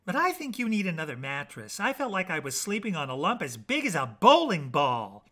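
A man's voice: on the high side, wildly swooping pitch, a little fast, pushed and bright, exaggerated voice. A man voicing a polite, fussy young princess with a prim, hesitant way of speaking.

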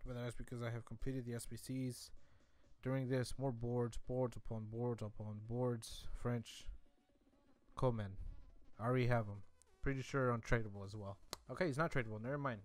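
A young man giving rambling casual commentary while opening game card packs, repeating himself with mock-defensive asides. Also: mid-range voice. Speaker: gaming YouTuber.

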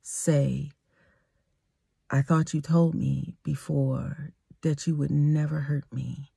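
A woman voicing the Holy Spirit giving calm, soft instructions. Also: sits low, takes it slowly, gravelly, husky, no echo, clean studio sound, heavily acted. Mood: gentle.

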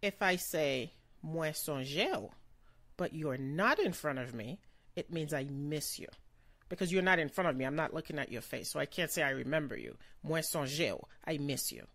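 A woman giving a slow vocabulary lesson, pronouncing each word carefully and repeating it. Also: low voice, expressive, fairly bright tone, dry recording. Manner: slow, careful pronunciation with repetitions. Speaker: language teacher.

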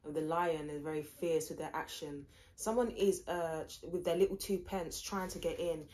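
A woman's voice: low voice, fairly even intonation, moderate pace, a little mellow. A woman giving a casual tarot reading, rambling, blunt and mocking. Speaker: tarot reader.

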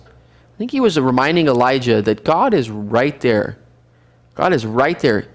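A man's voice: mid-range voice, sing-song, a little slow. A man teaching a Bible study class, reading scripture aloud and explaining it in a conversational way, asking the class questions.

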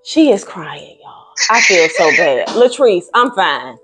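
A woman's voice: fairly low pitch, very animated, slow pace, fairly bright tone, husky, soft background music. A woman on a prank phone call and vlogging afterwards, casual and apologetic. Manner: apologetic, emphatic, talks with friends nearby. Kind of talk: casual phone chat and vlog talk.

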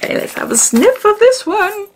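A woman's voice: very high-pitched, sing-song, moderate pace, a little hiss or hum. A woman chatting casually as she unboxes and sniffs gins, giggling often and dropping into whispers. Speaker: beauty vlogger.

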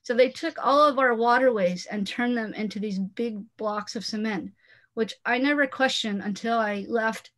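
A woman's voice: fairly high pitch, moderate pace, a bit bright. Chatty woman author on a video call. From Los Angeles area, USA. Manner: chatty, laughs often, many "you know" fillers. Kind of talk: casual talk and reading at a book launch.

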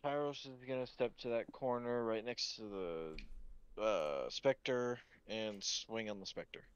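A man's voice: fairly low pitch, slow pace, clear, resonant tone, dull audio. A man playing in a tabletop game, hesitant and apologetic as he sorts out his moves. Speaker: player. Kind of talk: casual tabletop play.

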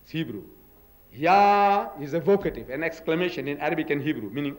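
A man's voice: on the high side, animated, very fast, rough recording. An older man giving a public religious lecture, emphatic and full of rhetorical questions. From South Africa.

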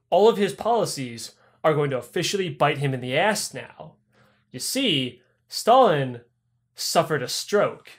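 A man's voice: on the high side, a bit bright. A man telling history as a comedy story, swearing a lot and acting out people's lines. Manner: crude, profane, acts out characters' lines. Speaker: podcast host.

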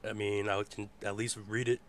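A man hosting a casual live internet radio show. His voice is hoarse, and he rambles in a laid-back way and swears freely. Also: fairly low pitch, flat delivery, moderate pace, slight background noise. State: hoarse from a rough voice. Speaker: host.

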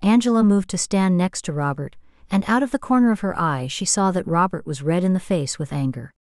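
A woman reading an audiobook in a steady, measured way as scripted narration. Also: on the low side, no room sound, studio quality.

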